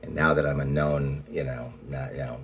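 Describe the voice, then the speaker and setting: Very deep-voiced man rambling bluntly. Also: level tone, normal speed, slight background noise. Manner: rambling and blunt, with frequent restarts and swearing. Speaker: vlogger. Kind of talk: casual personal monologue.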